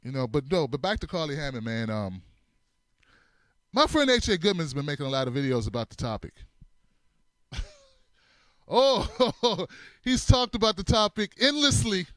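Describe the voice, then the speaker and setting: A man's voice: fairly high pitch, sing-song, normal speed, pauses often, fairly bright tone, no echo, studio quality. A man hosting a comedic commentary show, laughing a lot, swearing casually and acting out scenes in different voices. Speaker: show host.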